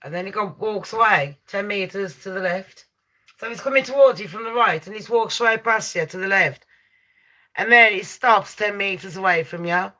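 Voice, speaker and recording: A woman's voice: medium pitch, moderate pace. Brash sweary woman telling ghost stories. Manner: loud, sweary, laughs and shrieks often. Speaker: live stream host. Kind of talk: casual storytelling to chat.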